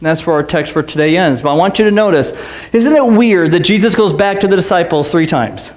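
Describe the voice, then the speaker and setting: A man's voice: high-pitched, a little fast, echoey room. A man preaching a sermon as pastor, conversational and joking, full of rhetorical questions. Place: church sanctuary.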